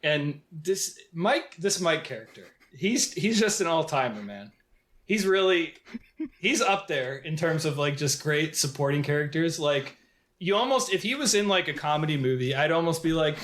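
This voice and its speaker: Guy cohosting a movie podcast, rambles a lot, voice a bit on the high side. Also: animated, normal speed, fairly bright tone. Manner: rambling, heavy use of "like" fillers. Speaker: podcast co-host. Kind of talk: casual film discussion.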